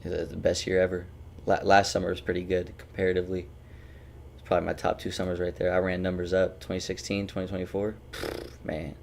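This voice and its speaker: A man's voice: low-pitched, level tone, fast talker, gravelly, a little hiss or hum. A man streaming a game, chatting casually and teasing his friends with loose, swearing banter. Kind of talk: casual gaming stream chat.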